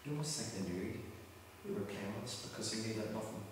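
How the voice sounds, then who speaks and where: An Irish man investigating a reported haunting, calling out to spirits and then talking in hushed, excited tones. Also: fairly low pitch, fast. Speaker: paranormal investigator. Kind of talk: ghost-hunt investigation. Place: old building at night. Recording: echoey room, mic from far off, faint noise.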